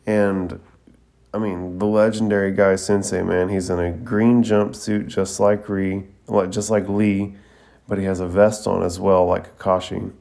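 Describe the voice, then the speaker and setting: A man with a low, gravelly, dark voice hosts an anime review show. He recaps scenes casually, with plenty of "like" and "um" along the way. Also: level tone, a little slow. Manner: casual, filler-heavy retelling. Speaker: anime review podcast host. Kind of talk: casual narrated episode recap.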